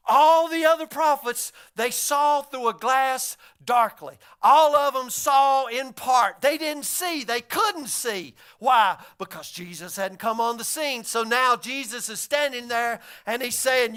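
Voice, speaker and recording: A man preaching a sermon as pastor, in a conversational style that rises to shouts and drops low. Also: unhurried, hardly any pauses, clear, resonant tone.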